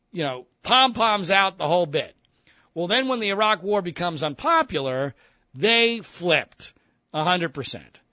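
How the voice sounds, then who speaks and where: A man, a radio host, telling a story casually with profanity and animated mimicry. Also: a little high, no echo.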